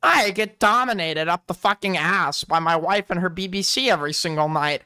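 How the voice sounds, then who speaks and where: A man's voice: sits high, normal speed, pushed and bright, clean tone, dry recording, clean studio sound. A young man hosting a reaction commentary, incredulous and mocking, swearing freely and laughing at what he watches. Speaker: commentary host.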